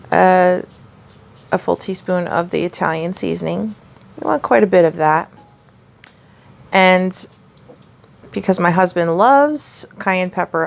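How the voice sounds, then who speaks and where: A woman talks through a home recipe in a relaxed, rambling way, full of "um" and "like". Her voice sits a little low and has a gravelly edge. She sounds easygoing as she explains each step. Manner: chatty, rambling, many fillers. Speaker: home cook showing a recipe. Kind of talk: casual cooking demonstration.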